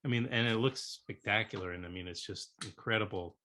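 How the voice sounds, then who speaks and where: A man hosting a casual interview, speaking in halting phrases full of fillers. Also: fairly low pitch, pushed and bright. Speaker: podcast host.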